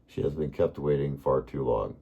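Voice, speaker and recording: A man voicing a possessed male giant healer, speaking in a deep, thunderous, measured way. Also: gravelly, husky, narrow, tinny audio, exaggerated voice. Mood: commanding.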